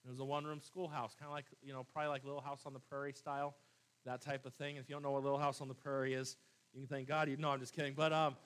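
A middle-aged man preaching a sermon in a small old church room, talking conversationally and turning emphatic and animated. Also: medium pitch, rapid-fire, clear, resonant tone. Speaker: pastor.

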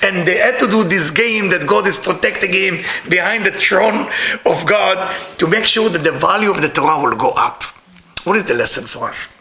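A man's voice: sits high, animated, moderate pace, background noise. A middle-aged man giving a sermon as a rabbi, telling stories animatedly with chuckles and non-native English phrasing. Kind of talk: sermon with storytelling.

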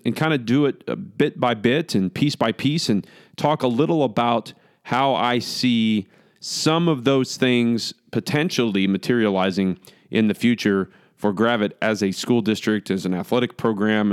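A man with a slight lisp hosts a solo podcast, speaking casually in a rambling, self-deprecating way. His voice is smooth and clear, recorded dry and close with no room sound. He talks. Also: medium pitch, dry recording. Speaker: podcast host.

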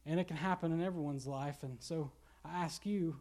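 A man's voice: on the high side, brisk, a little mellow. A young man with a Kentucky accent preaching a casual sermon, joking and laughing as he retells a story. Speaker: pastor.

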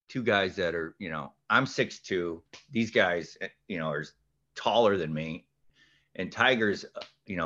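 Animated storytelling man, lively lilt. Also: on the low side, lo-fi sound. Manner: lively, acts out voices, shouts punchlines. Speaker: podcast guest, golf instructor.

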